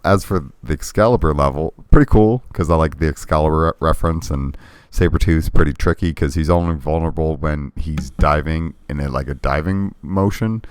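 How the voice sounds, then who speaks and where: A man with an extremely low, clean-toned voice co-hosts a casual retro gaming podcast. He talks in a laid-back, hesitant way, full of ums and restarts, and the recording is dry.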